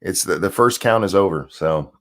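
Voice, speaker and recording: A man's voice: low voice, moderate pace. A man ranting casually on a livestream about politics, sarcastic and profane, often restarting his sentences. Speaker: political commentary streamer.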